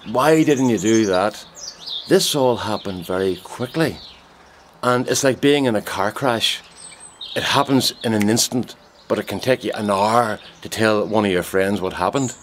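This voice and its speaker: Deadpan man telling a tale in his garden. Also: lowish voice, slight background noise. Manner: deadpan, mock-serious. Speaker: vlogger. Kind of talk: casual comic storytelling to camera. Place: garden outdoors. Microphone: handheld camera.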